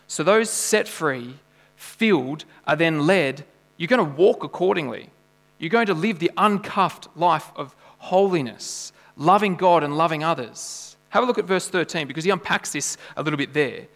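Earnest preacher in his thirties, gravelly voice, rising to loud emphasis and dropping to hushed asides; booming hall with faint mains hum. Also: lively intonation, normal speed. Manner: earnest, swings from loud emphasis to quiet intimacy. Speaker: pastor. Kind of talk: sermon. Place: church hall.

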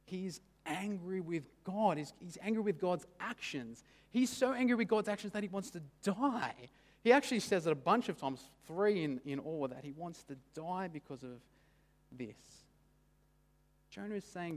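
A man's voice: on the high side, normal speed. A man preaching a sermon in a casual, conversational way, often checking in with "right?". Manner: casual, frequent "right?" and "kind of" asides. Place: church. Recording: long church hall reverb.

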